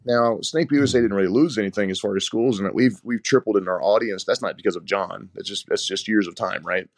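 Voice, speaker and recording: A man who is a head wrestling coach, telling rambling, animated stories in a casual interview and often repeating his words. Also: lowish voice, quick pace, no echo, clean studio sound.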